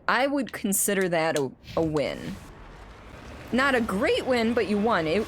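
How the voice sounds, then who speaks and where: A woman's voice: mid-range voice, a little hiss or hum. A woman streaming a game, chatting casually with viewers, rambling with frequent restarts. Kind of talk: casual chat while playing and reading chat aloud.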